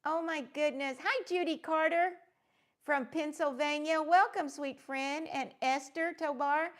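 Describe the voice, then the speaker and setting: A woman's voice: high-pitched, steady tone, unhurried, a bit bright. A woman hosting a casual crafting livestream, gushing as she greets viewers by name and rambling along with plenty of fillers. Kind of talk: casual live-stream chat.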